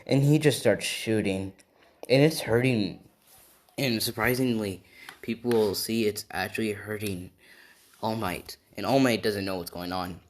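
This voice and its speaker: Man improvising a rambling fan story; low voice, slow pace. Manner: rambling, loosely chained "and he says".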